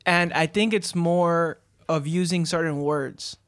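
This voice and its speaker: A man's voice: fairly high pitch, fairly even intonation, takes it slowly, a bit bright. A young man with a Miami accent, a podcast co-host chatting in an easygoing, giggly way. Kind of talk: casual chat.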